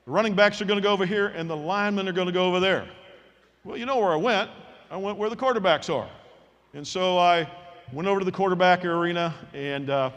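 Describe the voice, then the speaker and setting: A man in his sixties giving a commencement speech in a folksy, animated storytelling manner, acting out the people in his story. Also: high-pitched. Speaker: commencement speaker. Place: large hall at a graduation ceremony. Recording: long reverb from a large hall.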